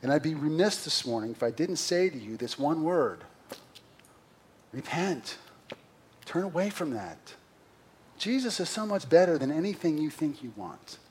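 A middle-aged man preaching a sermon as senior pastor, earnest and confessional, moving between loud emphasis and quiet asides. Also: medium pitch, husky. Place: church sanctuary.

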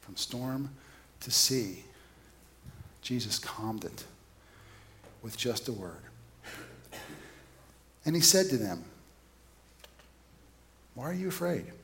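A man's voice: medium pitch, animated, slow pace, pauses often, a bit bright. A man preaching a sermon in a conversational, storytelling way, often putting questions to his listeners.

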